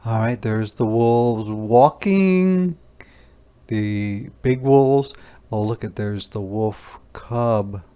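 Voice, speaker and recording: A man teacher reading a picture book aloud to young children, slow and gentle, asking them questions as he goes. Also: fairly low pitch, clear, resonant tone. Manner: slow, gentle, asks the listener questions, voices animal sounds.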